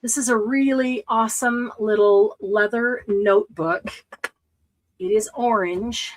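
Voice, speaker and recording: A woman's voice: on the high side, steady tone, unhurried, poor audio. A woman hosting a casual live-stream craft sale, chatting as she shows items and counts stock.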